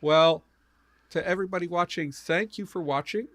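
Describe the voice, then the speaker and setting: Casting note: male stream host, relaxed sign-off voice, dry close mic, video call. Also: high voice, normal speed, dry recording. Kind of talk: casual group video call.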